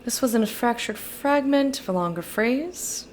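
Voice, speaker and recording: A woman's voice: fairly high pitch, animated, normal speed. A young woman talks through a video game in a casual, easygoing stream. She reads the characters' lines aloud and muses between them. She is close to a desk microphone with a faint hiss underneath. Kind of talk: casual let's-play commentary.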